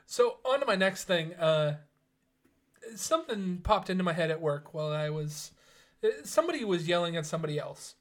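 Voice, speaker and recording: A man's voice: sits high, lively intonation, moderate pace. A man co-hosting a casual podcast, raising a topic and pushing the others with follow-up questions. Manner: questioning, pressing with follow-ups. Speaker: podcast co-host. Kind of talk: casual chat.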